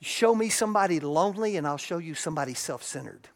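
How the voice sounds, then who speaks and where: A pastor giving a conversational sermon, shifting between soft asides and raised emphasis and acting out everyday voices. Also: mid-range voice, animated, quick pace.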